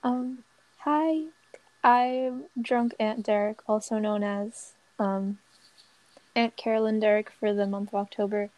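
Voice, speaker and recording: A woman's voice: mid-range voice, fairly even intonation, takes it slowly, a little mellow, no room sound, low-quality recording. A young woman guest on a casual podcast who laughs nervously and jokes about herself. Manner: nervous, laughing, self-mocking. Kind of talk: casual chat.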